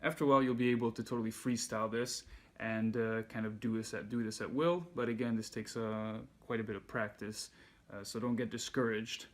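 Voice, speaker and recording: A man giving a handpan lesson, calmly explaining and counting beats aloud. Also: lowish voice, brisk. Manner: relaxed, patient explaining, counts beats aloud while playing. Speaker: handpan teacher. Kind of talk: music lesson instruction. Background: handpan music.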